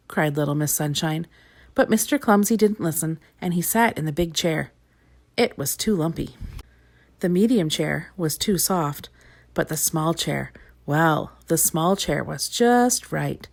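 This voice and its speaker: A woman reading a children's storybook aloud, expressive and clear. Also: low-pitched, unhurried.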